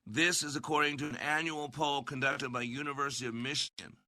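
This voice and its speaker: A man hosts a podcast in the earnest cadence of a preacher, circling back to the same phrases for emphasis. His voice is strikingly bright and cutting. The recording is dry and close, with no room sound. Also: medium pitch, fairly even intonation, fairly quick, dry recording. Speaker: podcast host. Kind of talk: preachy commentary.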